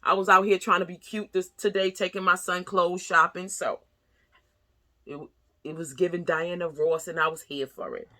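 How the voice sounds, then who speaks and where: A woman's voice: on the low side, steady tone, normal speed, sharp tone. A middle-aged woman giving a tarot reading to her viewers in a chatty, sassy, direct way. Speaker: tarot reader. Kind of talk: casual tarot reading monologue.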